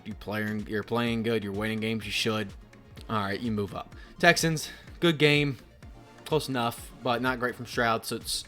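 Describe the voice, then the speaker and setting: Young guy ranting about rankings, swears a lot, mutters then gets loud, faint music behind. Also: medium pitch. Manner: rambling, profane, swings between mumbling and loud outbursts. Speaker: sports video host. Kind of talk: casual commentary vlog.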